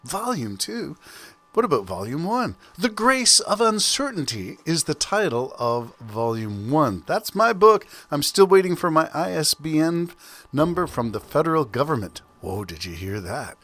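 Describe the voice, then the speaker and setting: Sing-song and fairly bright, a slightly high male voice moves at a moderate pace. He's a Canadian podcast host in his sixties, chatting and rambling alone at home during a thunderstorm and tossing in asides that amuse himself.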